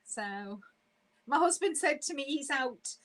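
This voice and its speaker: A woman hosting a casual live stream, chatty and quick to laugh as she reads viewer comments aloud. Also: sits high, lively intonation, poor audio.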